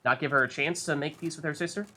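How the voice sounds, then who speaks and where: A man's voice: fairly high pitch, steady tone, fast talker, pushed and bright. A man hosting a let's play, chatting casually and thinking aloud as he plays. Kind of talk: casual gameplay commentary.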